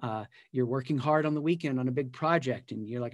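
A man's voice: fairly high pitch, expressive, brisk, a little mellow, dry recording, studio quality. A man teaching a live personal growth session in an emphatic style, repeating key phrases and building energy as he goes. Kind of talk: live motivational teaching talk. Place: live community event.

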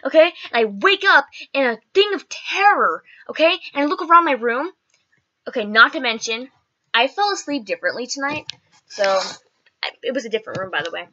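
A woman's voice: high-pitched, expressive, brisk, pushed and bright, lo-fi sound. A woman vlogger telling a story in casual, chatty talk, full of "like" and "okay" and some swearing.

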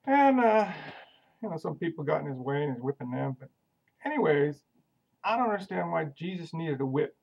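Gravelly rambling man, lo-fi audio. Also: a little high, normal speed. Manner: rambling, folksy and deadpan. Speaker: viewer sending a video question. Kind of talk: casual video message.

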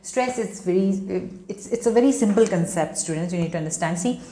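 A woman's voice: medium pitch, fairly quick, warm tone, echoey room. A woman, teaching an online lesson to students, emphatic and repetitive. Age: 30s. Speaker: English teacher. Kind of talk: online spoken English lesson.

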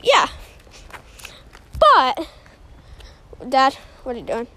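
A young host rambling through a silly, self-mocking podcast while out on a walk, short of breath. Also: female voice, high voice, big pitch swings, drawn-out words, sharp tone, a little hiss or hum. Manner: silly, self-mocking, jumps between topics. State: out of breath from walking. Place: outdoors on a walk near a road.

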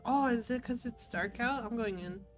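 A chatty woman gamer talks her viewers through her playthrough in a loose, playful way. Her voice sits a little on the high side. Soft game music plays faintly behind her. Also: normal speed. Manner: chatty, playful, talks to chat while playing. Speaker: gaming streamer. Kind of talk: casual let's-play commentary.

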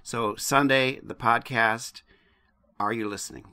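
Gravelly, bright-voiced man co-hosting. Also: mid-range voice, steady tone, a little slow. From United States. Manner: impassioned, blunt, swears freely. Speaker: podcast co-host. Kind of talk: casual podcast chat.

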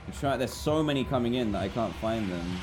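A man's voice: mid-range voice, expressive, brisk, background noise. A young British man chatting while streaming a game live, reading out donors' names and apologising often.

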